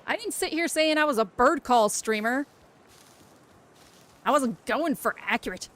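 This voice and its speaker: Woman streamer, casual gaming chat, teasing and sweary, bouncy high-ish pitch. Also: expressive, unhurried, a bit bright.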